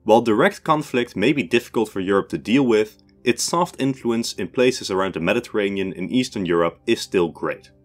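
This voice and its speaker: A man in his twenties with a Dutch accent, hosting a history channel and reading out viewer questions and his answers in a measured, scripted way. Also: lowish voice, lively intonation. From Netherlands. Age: 20s. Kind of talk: scripted Q&A narration.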